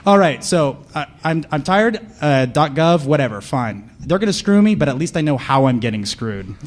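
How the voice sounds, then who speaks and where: A man's voice: fairly high pitch, animated, moderate pace. Sarcastic man riffing to a crowd. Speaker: conference panelist. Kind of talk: comedic live talk to an audience.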